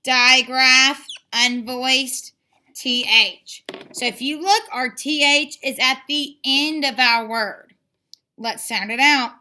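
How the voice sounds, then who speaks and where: A woman teaching a children's phonics lesson, sounding out letters slowly and praising often with repeated encouragement. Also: high voice, bright, forceful tone. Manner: slow, drawn-out sounding out of letters; encouraging and repetitive.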